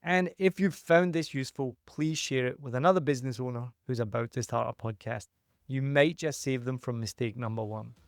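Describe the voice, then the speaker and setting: A man's voice: mid-range voice, a little fast, dry recording. Direct, emphatic man with a dry sound. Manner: direct and emphatic, punchy opinionated delivery. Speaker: podcast host and consultant. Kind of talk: solo podcast advice monologue.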